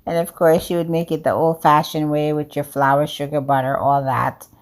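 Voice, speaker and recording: A woman's voice: low voice, flat delivery, normal speed. A woman with an accent, chatting upbeat to viewers as she demonstrates a home baking recipe. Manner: upbeat, talks straight to viewers as "guys"; speaks with a non-native accent of English. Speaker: home cooking vlogger.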